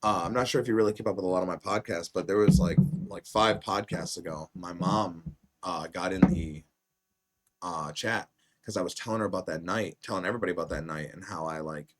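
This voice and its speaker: A man hosting a casual podcast tells a story in a slightly low voice. He swears freely and performs each quoted line in sudden loud bursts.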